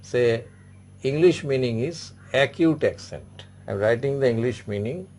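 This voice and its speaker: A man's voice: mid-range voice, lively intonation, a little slow, darkish tone, slight background noise. A man teaching an online French class, patiently repeating each word and example several times. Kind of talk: online language lesson.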